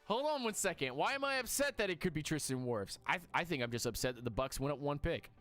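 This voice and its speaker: A man hosting a live stream, reacting excitably and talking to his chat in casual commentary. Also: on the high side, quick pace, soft background music.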